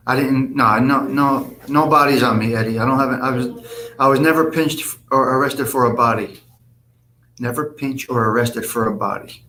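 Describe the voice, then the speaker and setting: A man talks straight to his viewers on a live stream. He rambles in a blunt, profane street manner at an ordinary mid pitch. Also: fairly even intonation, moderate pace, bright, forceful tone, a little hiss or hum. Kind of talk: casual live-stream chat reading comments.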